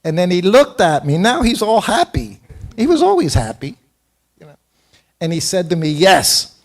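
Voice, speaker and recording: A man's voice: high-pitched, sing-song, normal speed. An older man in his seventies speaks in a slightly raised voice as he leads a morning temple class. He tells personal stories in a self-deprecating way and often breaks into chuckles. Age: 70s. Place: temple hall.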